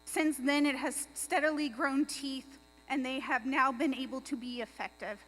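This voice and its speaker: A woman speaking against a motion at a public meeting, measured and firm, slowing to stress her points. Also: sits high, fairly even intonation, fairly bright tone, low-quality recording. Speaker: tribal member speaking at a meeting.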